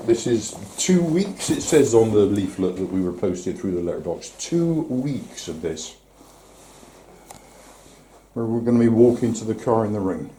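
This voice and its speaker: Bloke grumbling into his phone outside, mellow low-ish voice, a bit out of breath, faint street and traffic noise. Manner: grumbling, exasperated, swears mildly. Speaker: vlogger. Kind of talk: casual vlog commentary while walking and driving. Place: outdoors on a street in the rain, then inside a car.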